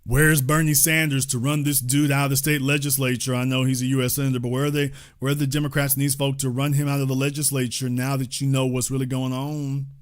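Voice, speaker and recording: A man's voice: mid-range voice, little pitch movement, fast, few pauses. A man hosting online political commentary, reading news quotes aloud and adding incredulous, sarcastic asides.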